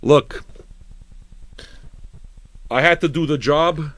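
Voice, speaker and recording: A man's voice: on the high side, drawn-out words, a bit bright, no room sound. A man hosting a live-streamed record show, talking in a rambling, profane, mock-ranting way to his chat. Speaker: livestream DJ host. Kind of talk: casual live radio banter.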